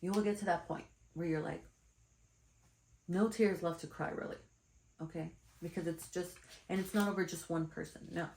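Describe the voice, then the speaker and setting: A woman spiritual teacher talks straight to her viewers through a card reading, chatty and blunt, calling them her darlings. Her voice sits low with a gravelly edge. The room around her is echoey. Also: fairly even intonation, normal speed, long pauses, a little mellow, slight background noise.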